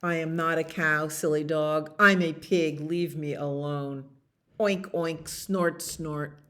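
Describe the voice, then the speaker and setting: A woman's voice: deep voice, steady tone, slow, fairly bright tone. A woman voicing a grumpy farm pig that snorts and dismisses the dog in a storybook reading.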